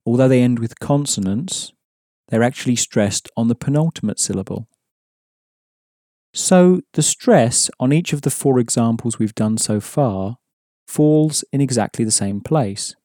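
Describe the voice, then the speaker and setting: Male language teacher, mellow, dry studio sound, patient and methodical. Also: mid-range voice, animated, no echo. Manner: measured, explanatory, repeats key points. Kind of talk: scripted lesson narration.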